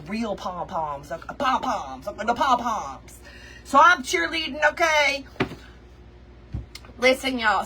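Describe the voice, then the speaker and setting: A woman hosting a craft livestream, telling a story to her viewers in an animated, chatty way and calling them y'all and girl. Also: high voice, far from the mic, a little hiss or hum. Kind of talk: casual storytelling chat with viewers.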